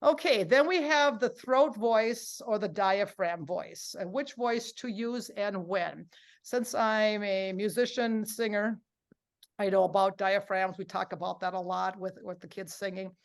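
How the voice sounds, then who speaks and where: A middle-aged woman presenting a live workshop, upbeat and coaxing her audience to join in, acting out quotes with lively voices. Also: mid-range voice, unhurried.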